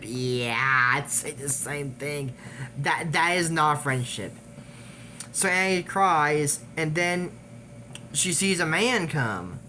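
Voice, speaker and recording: A man recapping an animated series in a casual, digressive way, trailing off with fillers and little laughs. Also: fairly high pitch, slow, slight background noise. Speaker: YouTube recap host. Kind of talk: casual rambling episode recap.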